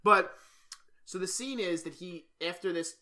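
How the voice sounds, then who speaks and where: A man co-hosting a podcast in casual chat, telling animated stories, swearing and acting out quotes. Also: sits high, measured pace. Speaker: podcast co-host.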